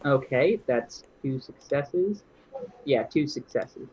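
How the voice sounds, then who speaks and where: A man's voice: mid-range voice, animated, slow pace, slightly rough. Man player on a dull lo-fi mic.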